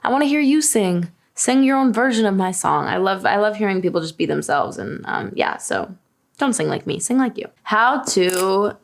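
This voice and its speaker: Chatty young woman with vocal fry. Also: mid-range voice, expressive, normal speed. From Long Island, New York. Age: 20s. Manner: chatty and self-deprecating, with frequent laughs. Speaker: singer answering fan search questions. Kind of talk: casual chat.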